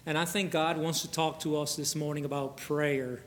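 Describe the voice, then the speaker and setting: A middle-aged pastor, a man with a somewhat raised voice, preaches in a folksy, chatty way. He slows down to read scripture and prays with fervour. His voice rings out with a long reverb through a large church hall. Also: on the high side, fairly even intonation, a little hiss or hum. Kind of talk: sermon. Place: church sanctuary.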